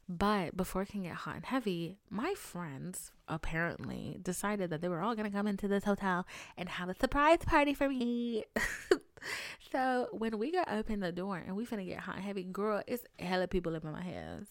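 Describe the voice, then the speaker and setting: A woman talks to her podcast mic up close, and the sound is dry with no room in it. She swings between hushed asides and loud, exasperated bursts, with lots of swearing and big dramatic delivery. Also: mid-range voice, normal speed, no echo. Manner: animated, profane, dramatic swings into loud outbursts and whispers. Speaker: podcast host. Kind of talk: casual solo podcast storytelling.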